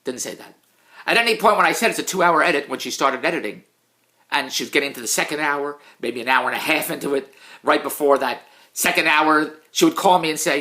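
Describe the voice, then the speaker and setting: A middle-aged man in a casual, self-mocking rant, swinging between low mutters and loud outbursts. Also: a little fast. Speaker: vlogger, TV producer. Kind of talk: casual ranting monologue.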